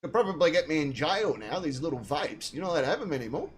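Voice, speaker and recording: A woman's voice: deep voice, big pitch swings, fast, crowd noise. An Australian woman, a comedian hosting a live comedy chat show, who tells a story with lots of swearing.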